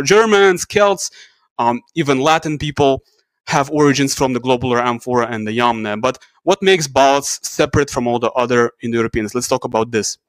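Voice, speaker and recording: A man's voice: medium pitch, dry recording. Man giving a casual lecture. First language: Russian. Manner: casual, explains with asides and self-corrections. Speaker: YouTube channel host. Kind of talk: educational talk.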